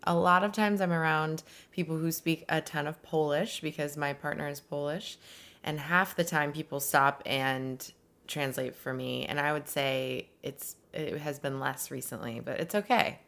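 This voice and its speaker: A woman co-hosting a podcast in relaxed, casual chat, who chuckles as she talks. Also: sits low, a little slow, creaky. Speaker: podcast co-host.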